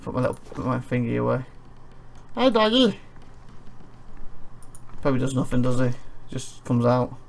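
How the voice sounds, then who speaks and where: Tired man with a gravelly voice. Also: medium pitch, monotone, quick pace, darkish tone, slight background noise. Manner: rambling, chuckling asides between read-out passages. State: tired and yawning. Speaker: let's play host. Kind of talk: casual gameplay commentary reading game text aloud.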